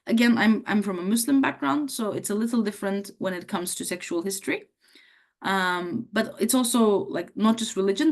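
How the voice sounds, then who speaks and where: A woman with a hoarse voice from a cough, teaching medical students how to take a patient's history in a conversational way, acting out the questions she would ask a patient. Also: medium pitch. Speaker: medical lecturer. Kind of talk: teaching a workshop on history taking.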